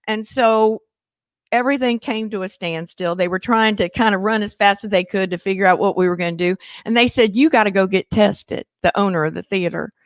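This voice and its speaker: A woman humorist, telling stories in casual chat with lively, animated delivery. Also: fairly quick, no echo, clean studio sound. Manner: lively, animated storyteller with big pitch jumps. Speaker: guest humorist.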